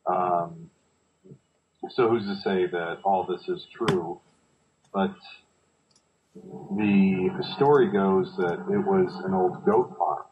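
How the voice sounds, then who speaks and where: Male podcast co-host, very low voice, hesitant storyteller, dull recording. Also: takes it slowly, long pauses, background noise. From United States. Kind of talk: casual chat.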